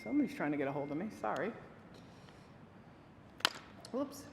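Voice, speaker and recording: A woman teaching families about dementia care, giving a presentation and telling lively stories with quoted voices. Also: on the low side, normal speed, vocal fry, noisy background. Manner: lively storytelling with acted quotes. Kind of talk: presentation to an audience. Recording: echoey hall with faint ambience.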